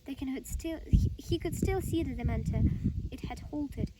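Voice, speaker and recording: A woman's voice: sits high, moderate pace. A woman with a Ukrainian accent, reading a novel aloud in careful English with small slips and restarts. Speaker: reader. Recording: distant mic, loud outdoor background noise.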